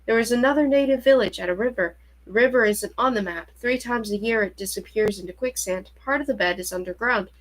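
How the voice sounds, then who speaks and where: An old professor tells of a long jungle journey in a measured, lifted storytelling tone, as a woman reads him aloud. The voice sits rather high, and the words come at a deliberate, even pace. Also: close to an everyday voice. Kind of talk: reading a novel aloud.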